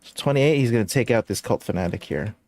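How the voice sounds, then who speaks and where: A man acting as game master, calling out rolls and results in a measured way. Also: medium pitch, lively intonation, darkish tone, no room sound. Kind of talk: narrating a tabletop game.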